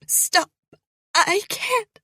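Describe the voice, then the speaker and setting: A woman narrator voicing a terrified, parched young woman held captive, pleading in a raspy, trembling voice. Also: mid-range voice, extremely slow, no echo, studio quality, full character voice. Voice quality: raspy, cracked voice.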